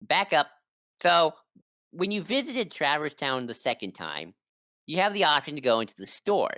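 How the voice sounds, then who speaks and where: A woman with an extremely low voice talks through a game story for her podcast co-host, her pitch rising and falling freely. She rambles, backtracks and throws in quick asides. The sound is dry and close on a desk mic. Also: sing-song, fairly bright tone, dry recording. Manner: rambling plot recap with quick asides and laughs. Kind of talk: casual chat. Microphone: desk microphone.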